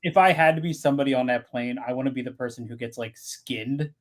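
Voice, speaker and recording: A man in casual podcast chat, telling stories in an animated way with many restarts. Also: mid-range voice, fast. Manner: animated storyteller, trails off and restarts. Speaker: podcast co-host.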